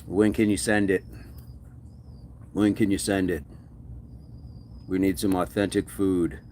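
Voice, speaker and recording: A man's voice: low-pitched, fairly even intonation, slow pace, a little mellow. Man, live-stream host, upbeat and chatty, reads comments out, faint traffic behind. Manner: upbeat, reads viewer comments aloud, laughs often. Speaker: fitness streamer. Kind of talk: casual live-stream chat.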